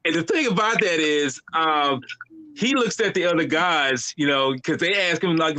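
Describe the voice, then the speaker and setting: A man's voice: on the high side, normal speed, dry recording. A man co-hosting a podcast, chatting casually and laughing as he recaps an anime episode. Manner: animated, laughing storyteller with fillers. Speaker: podcast co-host.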